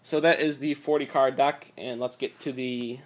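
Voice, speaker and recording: A man's voice: mid-range voice, steady tone, moderate pace. A young man giving a casual card game deck rundown, rambling with lots of fillers, his voice a bit strained from talking a lot, recorded on a tablet. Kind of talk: casual deck profile talk.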